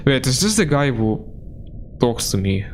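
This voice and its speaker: A man streams a horror game and chats along in an unhurried, drawn-out way. He swears freely and laughs at his own fumbles. A faint hum sits under his voice. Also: mid-range voice, very animated. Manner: laid-back, swears often, laughs at himself. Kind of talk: casual gameplay commentary.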